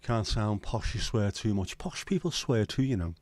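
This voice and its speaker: A man's voice: fairly low pitch, lively intonation, normal speed, darkish tone, no echo. A man hosting a casual livestream chat, chatty and sweary with self-deprecating humour. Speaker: livestream host.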